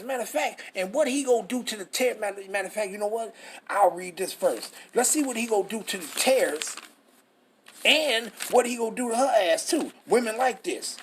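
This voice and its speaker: A man's voice: high-pitched, lively intonation, brisk, a bit bright, a little hiss or hum. A man, teaching scripture in a fiery, profane style full of rhetorical questions. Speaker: preacher.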